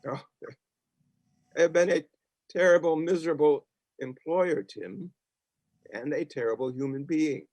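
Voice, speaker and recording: A man's voice: on the high side, measured pace, pauses often, no room sound. An actor playing a reformed, once-stingy old boss who now speaks earnestly and emotionally to his family and employee. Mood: remorseful. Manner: earnest, emotional, sometimes hushed. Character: reformed old miser boss, newly warm. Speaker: stage actor. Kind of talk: community theatre acting.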